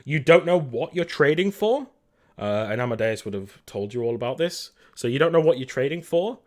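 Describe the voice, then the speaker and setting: Halting man running a tabletop game. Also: medium pitch, expressive, darkish tone. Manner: halting, full of fillers and restarts. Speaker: game master.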